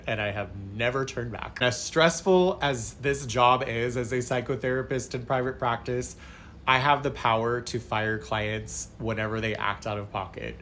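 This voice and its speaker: A man recounting a personal story in a casual vlog, animated and expressive as he acts out each moment. His tone is bright and forceful, with a faint background hum. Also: medium pitch. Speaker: psychotherapist telling a story.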